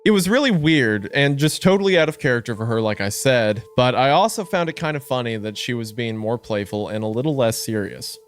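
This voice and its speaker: A man co-hosting a casual horror podcast, chatting with laughs and reading story narration aloud in a lower, hushed voice. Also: animated, a little fast, hardly any pauses, clear, resonant tone, soft background music.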